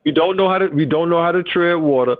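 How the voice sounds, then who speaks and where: A man's voice: on the high side, fast, dry recording. A man calling into a casual debate, insistent and repeating his phrases. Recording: tinny phone-line audio.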